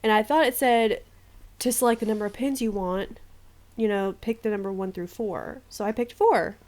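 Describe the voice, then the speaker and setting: A young American woman co-hosting a casual podcast, telling stories in an animated, teasing way and laughing often. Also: mid-range voice, moderate pace. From United States. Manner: animated, teasing storyteller who laughs a lot. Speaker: podcast co-host.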